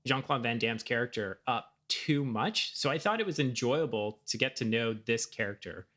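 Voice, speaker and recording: A man's voice: mid-range voice, expressive, moderate pace, bright, forceful tone. Easygoing guy chatting about movies, mid voice, lots of ums and likes. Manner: laid-back, rambling with fillers. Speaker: podcast co-host. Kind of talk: casual movie-review chat.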